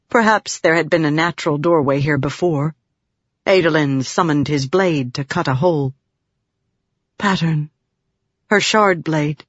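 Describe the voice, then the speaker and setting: Mid-pitched narrator reading a fantasy audiobook. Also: no room sound. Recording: dull lo-fi dry audiobook recording.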